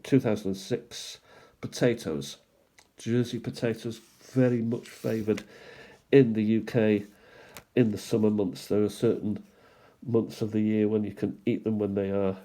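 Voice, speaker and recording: A man hosting a stamp collecting channel, musing aloud in an unhurried way as he shows stamps one by one, with small asides. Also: mid-range voice, mellow. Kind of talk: casual show-and-tell commentary.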